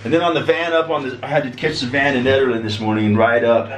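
A man's voice: medium pitch, fairly even intonation, fast. A middle-aged man with the flu and a sore throat, rambling and complaining in a profane casual monologue to camera. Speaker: vlogger. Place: cold room with frozen windows. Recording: roomy echo with faint noise.

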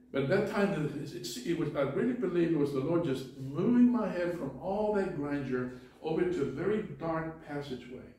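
A man's voice: a little high, a little mellow, slight background noise. A male pastor preaching a sermon in an earnest way, often restarting his words. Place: church sanctuary. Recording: echoey church from far off.

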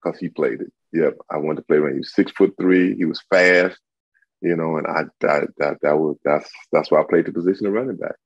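A man's voice: extremely low pitch, brisk, no room sound. A man in his sixties, a guest in an interview, speaking emphatically and often repeating himself. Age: 60s. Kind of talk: casual interview talk. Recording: dull lo-fi audio.

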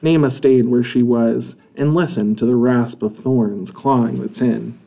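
A man reading a children's chapter book aloud in an expressive, measured way. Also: mid-range voice, vocal fry. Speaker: storybook reader.

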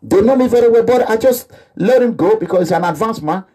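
A man's voice: sits high, expressive, a little fast, warm tone, breathy edge. A man with a Nigerian accent delivering an impassioned, repetitive monologue that slips into pidgin phrases. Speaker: activist vlogger. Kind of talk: animated monologue.

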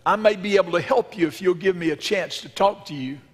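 A man's voice: high voice, brisk. A male preacher playing a bitter condemned prisoner who speaks in a curt, dismissive way. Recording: long reverb in a church sanctuary.

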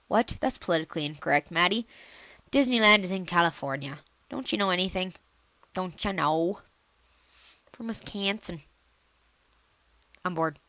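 A woman giving casual let's-play commentary on a computer game, chatty and excitable, jumping into squealy high bursts. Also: moderate pace, pauses often, slight background noise. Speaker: gameplay commentator.

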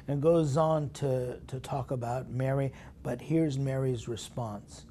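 A man preaching a sermon as a priest, putting strong stresses on key words, dropping into hushed whispered asides and asking his listeners questions. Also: mid-range voice, fairly even intonation, normal speed, few pauses. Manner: emphatic, swinging between loud stresses and hushed whispered asides; talks straight to listeners with rhetorical questions. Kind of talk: sermon meditation broadcast.

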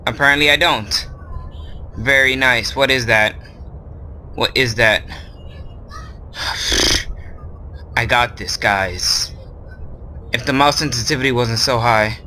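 A man's voice: medium pitch, pushed and bright, slight background noise. A man hosting a horror game video, nervous and rambling, filling gaps with lots of ums. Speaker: gaming video host. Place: at home with his brother nearby.

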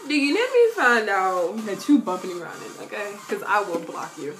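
A young woman chatting casually to her webcam, slangy and animated, often breaking into loud quoted voices. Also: medium pitch, brisk, hardly any pauses, soft background music. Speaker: vlogger answering viewer questions. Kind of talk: casual chat to camera.

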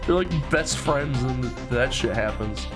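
A man's voice: mid-range voice, expressive, a little slow, music in the background. A young man hosting a let's play of a horror game, talking in casual commentary, joking, swearing and sarcastic.

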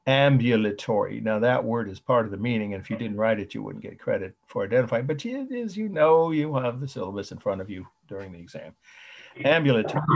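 Man, art history lecturer, gravelly, husky, spells words out, repeats key points. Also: on the low side, lively intonation, fast talker, lo-fi sound. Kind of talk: online lecture.

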